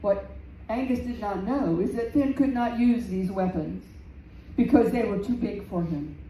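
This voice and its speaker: A woman storyteller telling a folktale live in a community center room, slow and dramatic, repeating phrases for effect. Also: medium pitch, mellow. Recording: roomy, distant, faint background noise.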